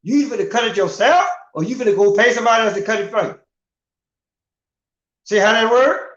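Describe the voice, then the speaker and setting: High-voiced profane middle-aged man ranting. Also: a little fast, a bit bright. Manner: profane, emphatic, full of rhetorical questions. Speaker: livestream host. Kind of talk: casual rant. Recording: roomy, dull lo-fi sound.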